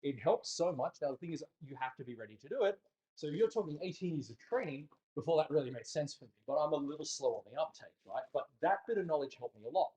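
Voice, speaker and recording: Animated, jokey male dance teacher. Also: a little high, quick pace, dull audio. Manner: animated, jokey and blunt, with mild swearing. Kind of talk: casual instructional talk. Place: dance studio.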